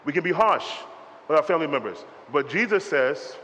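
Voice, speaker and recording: A man delivers a spirited sermon, tossing questions for the congregation to answer back. His voice sits a little high, and it echoes through a large church hall over a faint hum of ambience. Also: fairly quick, muffled recording. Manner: animated preaching with call-and-response. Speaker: pastor. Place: church sanctuary.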